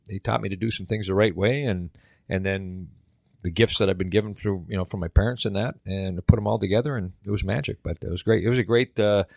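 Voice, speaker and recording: A middle-aged man telling a story in a casual chat, animated and acting out the voices of the people in it. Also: fairly low pitch, creaky, dry recording, studio quality. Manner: animated, acts out quoted voices. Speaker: guest.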